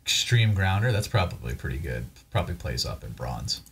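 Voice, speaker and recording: A man's voice: low voice, sing-song, fairly quick, vocal fry, heavy background noise. A man hosting a gaming channel, casually commenting as he opens card packs, with a wry, self-deprecating way of thinking aloud. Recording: voice over loud background music.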